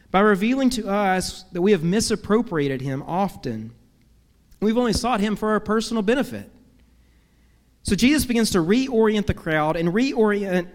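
A man's voice: sits high, long reverb tail. A man preaching a sermon as pastor, earnest, with rhetorical questions and long cascading lists.

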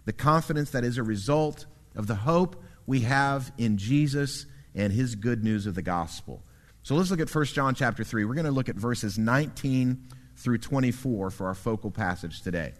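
A male pastor delivering a sermon in an earnest, measured way, building points through emphatic repetition. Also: mid-range voice.

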